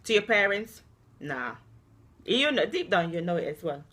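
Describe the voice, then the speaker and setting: Bright-voiced lecturing mum. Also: female voice, medium pitch, normal speed. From Jamaica. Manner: lively, lecturing, laughs often. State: unwell, tired. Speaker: mother and vlogger. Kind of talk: casual family vlog chat.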